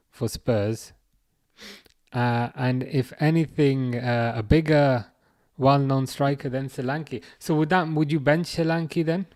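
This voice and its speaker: A man's voice: mid-range voice, darkish tone, no room sound, clean studio sound. A man hosting a casual football livestream, reading out viewer comments and answering them, hesitant and full of fillers and restarts. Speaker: livestream host.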